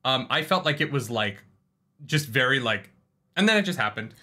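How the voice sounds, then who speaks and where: Man animated, bright-voiced podcast host. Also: mid-range voice, moderate pace. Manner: animated, swears freely. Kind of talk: casual livestream book chat.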